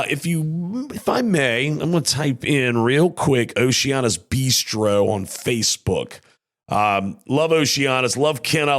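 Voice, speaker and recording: Folksy man with a strained voice. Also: mid-range voice. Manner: easygoing, rambling, folksy. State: worn, strained voice. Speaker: podcast host. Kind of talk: casual podcast talk.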